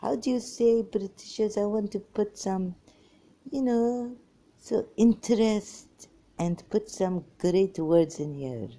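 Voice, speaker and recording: A woman's voice: medium pitch, takes it slowly, mellow. A woman, talking in a scattered, exasperated vlog monologue that jumps between topics. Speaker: ex-Muslim vlogger. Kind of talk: rambling monologue to camera.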